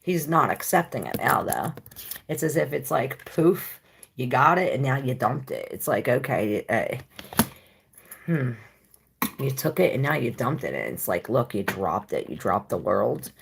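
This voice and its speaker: A woman with a very deep, heavily gravelly voice gives a casual tarot reading. She rambles loosely, with plenty of fillers, and chats straight to her viewers. A faint hiss sits under her voice. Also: big pitch swings, a little slow. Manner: chatty, talks to viewers directly. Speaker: tarot reader.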